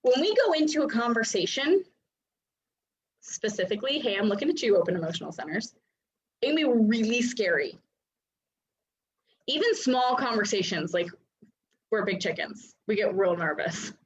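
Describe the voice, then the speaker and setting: A woman in her thirties coaching a live online class, chatty and animated, with many fillers. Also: on the high side, moderate pace, long pauses. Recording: dull lo-fi sound.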